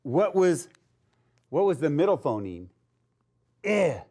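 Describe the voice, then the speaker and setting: Casting: upbeat male phonics teacher for kids, slow and animated. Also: on the high side. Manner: slow, sounding out letters, upbeat and encouraging. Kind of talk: phonics lesson for young children.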